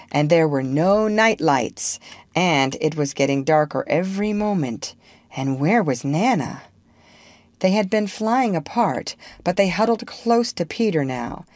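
Woman reading a kids' story out slow, low voice that swings up and down a lot, dry close sound. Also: no echo. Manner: expressive, measured storytelling. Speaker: narrator. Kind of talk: storybook reading for English learners.

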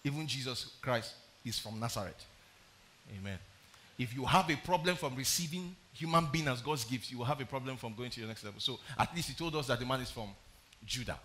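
A pastor preaching a sermon, reading scripture aloud and explaining it, often putting questions to the congregation. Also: male voice, medium pitch, a little fast, sharp tone. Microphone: streamed live sermon.

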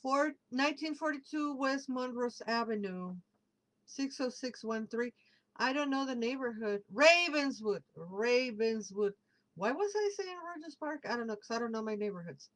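A woman hosting a casual livestream, chatting warmly and reading out viewer comments as they come in. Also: high voice, animated, normal speed, poor audio. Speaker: livestream host and tarot reader.

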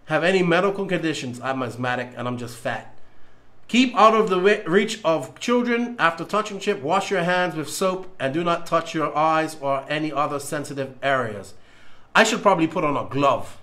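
A man's voice: on the high side, normal speed, a bit bright. A man hosting a casual livestream, joking nervously and stalling as he reads a label aloud. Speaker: podcast host doing a livestream. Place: home studio.

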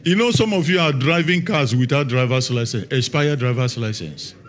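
A man's voice: mid-range voice, expressive, slight background noise. A middle-aged man, a pastor preaching a sermon and telling stories, stressing words and drawing them out. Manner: storytelling, emphatic with drawn-out words.

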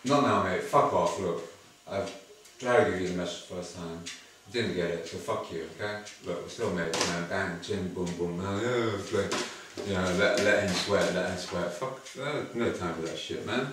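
A man's voice: sits low, normal speed, few pauses. A man ranting to the camera, full of profanity. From England. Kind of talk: monologue to camera. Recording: echoey room, far from mic, noisy.

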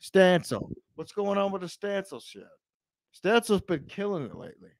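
A brash man with a somewhat high voice rambles through casual podcast chat, cursing freely. He jumps from loud, heated bursts down to low mutters. His voice sounds dry and close, with no room echo. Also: sing-song, moderate pace, vocal fry. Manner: swings between loud outbursts and low mutters.

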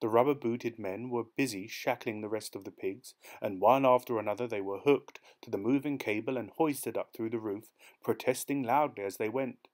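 A man reading a dark short story aloud as an audiobook narrator, in a measured, steady storytelling manner. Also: medium pitch. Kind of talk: scripted narration.

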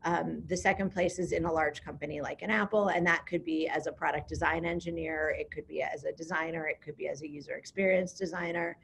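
A woman's voice: deep voice, fairly even intonation, brisk, vocal fry, hardly any pauses, slight background noise. A woman directing a program, speaking in a casual, upbeat way with frequent ums during an online information session.

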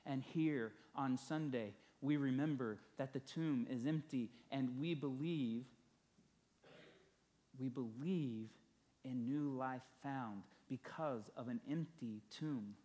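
A man's voice: mid-range voice, slow, mellow. A male pastor preaching a sermon, telling a story and building emphasis through repeated phrases.

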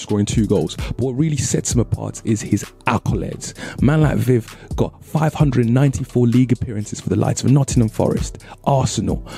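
A man's voice: mid-range voice, gravelly, warm tone. A young English man hosting a casual history vlog, talking in slangy, joking bursts of hype. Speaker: host.

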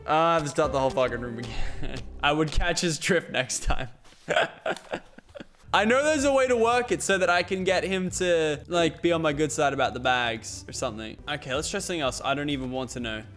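A man's voice: fairly high pitch, expressive, brisk, fairly bright tone, soft background music. A young man giving casual let's-play commentary, swearing often and talking through his plans aloud. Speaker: gaming YouTuber.

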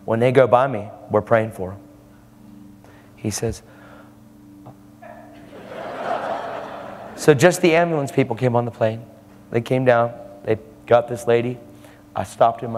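A man's voice: mid-range voice, a little mellow, slight background noise. A man preaching a sermon, telling a story and acting out the people in it. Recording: live hall with long reverb and faint ambience.

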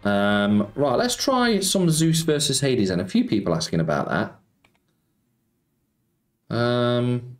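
A man's voice: mid-range voice, very animated, takes it slowly, pauses often. Chatty man streaming slots with roomy echo. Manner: chatty, reads chat aloud and answers viewers, says mate a lot. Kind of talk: casual live-stream chat. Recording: roomy echo with music behind.

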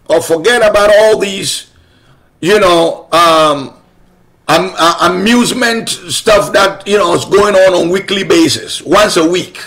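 A male pastor delivers a sermon at an unhurried, deliberate pace. His voice sits high for a man, and he drives each point home with repetition and rhetorical questions. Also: a bit bright.

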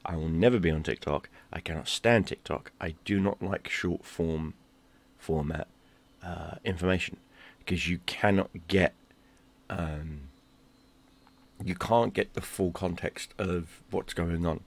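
A man ranting in a heated, profane monologue, dropping to a mutter and then bursting out loud. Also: unhurried. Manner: heated and profane, swings between low mutter and loud outbursts. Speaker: gaming YouTuber.

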